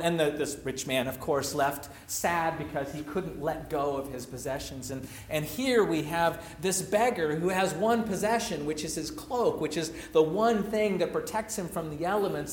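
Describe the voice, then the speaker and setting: A man's voice: a little high, roomy sound. A man preaching a sermon, retelling a story and sharing personal reflections in a reflective, storytelling manner.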